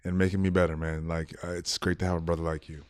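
A man in his thirties, a podcast guest, chatting casually and telling stories with lively quoted voices and frequent laughs. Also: low voice, fast, clear, resonant tone. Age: 30s. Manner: animated storyteller, laughs often, acts out quotes. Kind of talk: casual chat.

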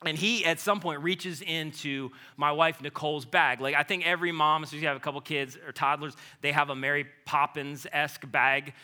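A man in his thirties preaching a sermon, swinging between loud urgent stretches and hushed low passages. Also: steady tone, fairly quick, hardly any pauses. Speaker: pastor.

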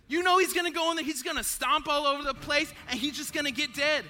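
A male pastor preaching a sermon in a conversational, animated way, talking to listeners as friends and acting out scenes from a story. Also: extremely high pitch, fairly quick, hardly any pauses, faint music behind.

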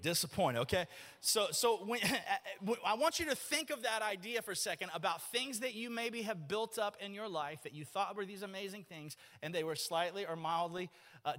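A man, preaching a folksy, joking sermon in a church. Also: high-pitched. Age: 40s. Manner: folksy, joking, animated storytelling. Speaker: pastor. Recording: long reverb of a church hall.

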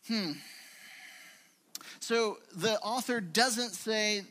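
A man's voice: fairly high pitch, a little slow. A man preaching a conversational sermon in a church, telling stories and acting out quotes. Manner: conversational, animated storytelling with acted-out quotes. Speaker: pastor.

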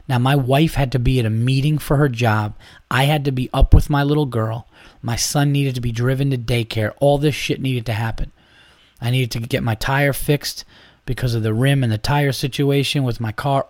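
This podcast host has a medium-pitched voice and talks at a normal speed, recorded in studio quality with no echo. Chatting casually, he tells animated stories, acts out quotes, and swears freely.

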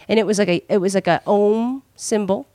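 A woman's voice: mid-range voice, a little slow, dark tone, no room sound. A woman comedian in casual podcast chat, rambling with many "like"s. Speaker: comedian guest.

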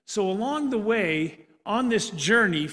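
A male preacher retelling a Bible story in an animated sermon, often restarting his sentences, in a church. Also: high voice, unhurried. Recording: reverberant hall.

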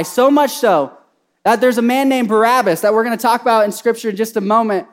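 Male pastor, high voice, animated sermon storytelling, loud then hushed. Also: normal speed. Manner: animated storytelling, swings between loud and soft.

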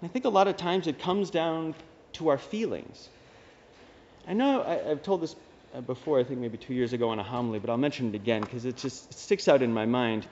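A man's voice: mid-range voice, a little fast, darkish tone, a little hiss or hum. A man, a Dominican priest, giving a homily in a casual, conversational way with wry asides. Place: church. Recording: dull reverberant church recording.

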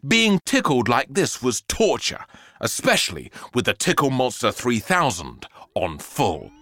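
A man narrating a children's story aloud with an expressive, theatrical delivery. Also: medium pitch, unhurried, no room sound, clean studio sound.

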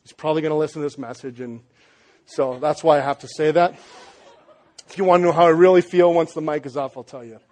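A man's voice: a little high, fairly even intonation, quick pace, darkish tone. A young man, a pastor, preaching a conversational sermon to his church, restarting phrases and adding light joking asides.

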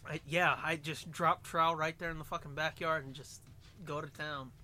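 A man's voice: fairly high pitch, steady tone, normal speed, sharp tone. A man co-hosting a casual movie commentary, joking around with crude, playful banter. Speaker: podcast co-host.

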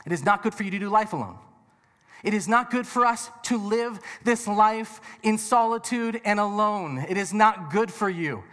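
A man's voice: high-pitched, lively intonation, moderate pace, a bit bright. A man preaching a sermon to a live audience in a conversational, joking way, full of rhetorical questions. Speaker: pastor. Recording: reverberant hall.

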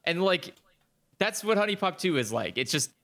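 A man's voice: high voice, sing-song, moderate pace, a bit bright. A man in casual chat about video games, ranting animatedly and swearing a lot.

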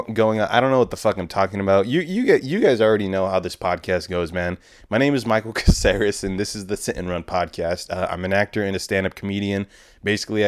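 A man's voice: low-pitched, dry recording, studio quality. A young man hosting his own podcast, ranting in a rambling, profane, sarcastic way. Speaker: podcast host. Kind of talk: casual comedic rant.

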